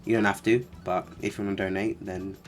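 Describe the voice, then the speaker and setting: A man's voice: lowish voice, level tone, a little fast. Annoyed guy ranting over a clip, sarcastic, faint music in the back. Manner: exasperated, sarcastic, lots of fillers. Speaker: commentary vlogger. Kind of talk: casual reaction commentary.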